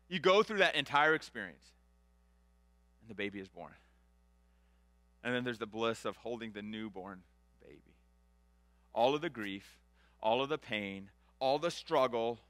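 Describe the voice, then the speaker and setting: A middle-aged male pastor preaching a sermon in a conversational way, swinging from loud animated passages to hushed, soft ones. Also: mid-range voice, clear, resonant tone, no echo.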